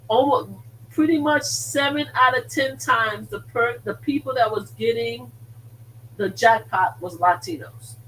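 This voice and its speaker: A woman hosting a casual live stream, telling a story in an emphatic, animated way and repeating words for stress. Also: on the high side, far from the mic, slight background noise, poor audio. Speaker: host of a slot-gambling live stream.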